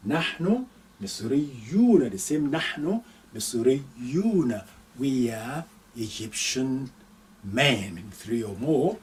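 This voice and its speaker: A man teaching an Arabic lesson, reading phrases slowly and deliberately and repeating each one with its translation. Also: medium pitch, big pitch swings, distant mic, slight background noise, rough recording. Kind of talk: live online language lesson.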